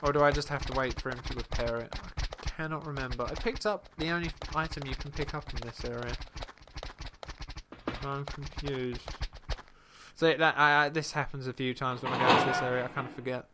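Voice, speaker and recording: A man's voice: medium pitch, a little fast. A man giving casual, self-mocking commentary while streaming a video game. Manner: chatty, self-mocking muttering. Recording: noisy live stream mic.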